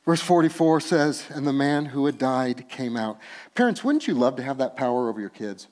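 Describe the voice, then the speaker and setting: An animated male pastor with a mid-range voice gives a sermon, moving between soft, slow, tender sections and emphatic, laughing, loud ones.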